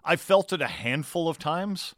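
A man's voice: on the high side, expressive, normal speed, fairly bright tone, no echo, studio quality. A man co-hosting a sports radio show, talking in a reflective, rambling way. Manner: reflective, rambling, with fillers and restarts. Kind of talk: casual radio chat. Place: radio studio.

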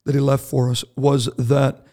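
A man's voice: medium pitch, level tone, moderate pace, dark tone. A man, a pastor co-hosting a Christian podcast, answering a listener's question thoughtfully and step by step. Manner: thoughtful, explains scripture step by step. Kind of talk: casual podcast chat.

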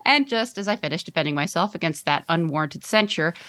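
A woman's voice: on the low side, expressive, brisk, a bit bright, no echo. A woman co-hosting a casual podcast, reading a listener's email aloud and laughing between phrases. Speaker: podcast co-host.

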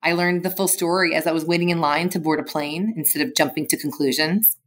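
A woman speaks in a fairly low voice, telling a workplace story in a steady, measured way. She sounds like a leadership facilitator giving a reflective podcast segment.

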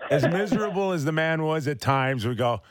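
A man's voice: a little high, lively intonation, brisk. A man, a former hockey player, chatting casually and teasing, with a laugh in his talk. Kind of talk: casual chat.

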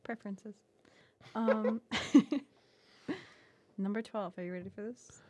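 A woman's voice: mid-range voice, steady tone, takes it slowly, dark tone, no room sound. A woman asking numbered interview questions in a playful way, giggling often.

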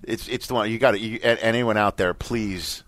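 A man hosting a casual talk show, excitable and chuckling, with stammering restarts. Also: lowish voice, normal speed, dry recording. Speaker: host. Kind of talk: casual chat.

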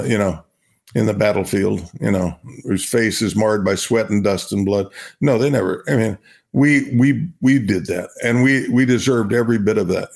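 Older male interview guest, gravelly, rambling storyteller, from Oklahoma. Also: on the low side, a little mellow. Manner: rambling, repeats himself, laughs while talking. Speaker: guest, retired baseball star.

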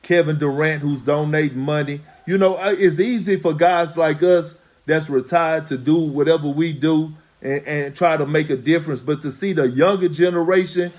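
Profane, emphatic retired athlete. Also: male voice, on the high side, steady tone, darkish tone. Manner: blunt, profane, slow and emphatic. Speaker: retired basketball player guest. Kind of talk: casual podcast chat.

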